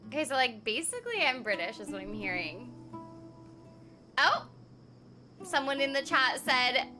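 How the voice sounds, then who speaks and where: A woman's voice: sits high, lively intonation, moderate pace, long pauses, over music. A young adult woman streaming a game, chatting playfully and reading the chat aloud. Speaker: streamer and voice actor. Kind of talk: casual live-stream chat while gaming.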